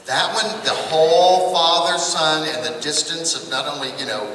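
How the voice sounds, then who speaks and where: A man's voice: a little high, fairly even intonation, moderate pace, fairly bright tone, slight background noise. A middle-aged man, a voice actor, chatting animatedly and laughing often as he answers questions at a convention panel. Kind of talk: casual convention Q&A. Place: large convention hall. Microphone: far camera in audience. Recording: echoey hall, from far off.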